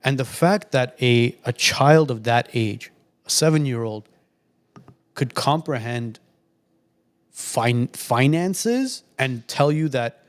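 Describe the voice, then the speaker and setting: This man, in his late thirties, speaks slowly but with animation at a medium pitch. As a podcast co-host he swaps stories in a chatty, casual manner with plenty of restarts.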